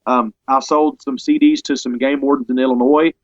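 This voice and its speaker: A man talking as an interview guest in a casual conversation. He sounds earnest and halting, often restarting his sentences. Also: medium pitch, fairly even intonation, no room sound, dull audio. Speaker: interview guest, parody songwriter.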